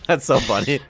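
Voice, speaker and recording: A man's voice: a little high, sharp tone. A young man hosting a casual game development livestream, rambling and chatty and laughing often. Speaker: programmer and stream host.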